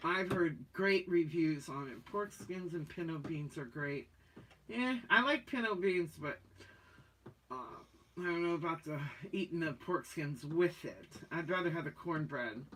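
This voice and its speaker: A woman's voice: low voice, expressive, measured pace, fairly bright tone, slight background noise. A woman hosting a casual livestream, chatting folksily and reading viewer comments aloud. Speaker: livestream host reading chat. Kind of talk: casual live-stream chat.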